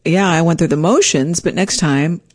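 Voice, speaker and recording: Animated woman telling a personal story. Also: normal speed. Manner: animated, acts out her own quoted lines with big pitch jumps; self-deprecating, reflective.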